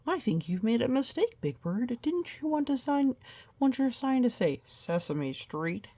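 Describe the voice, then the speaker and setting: A woman's voice: on the high side, very animated, measured pace, mellow, voice pushed up, heavily acted. A polite puzzled neighbor man, read by a woman.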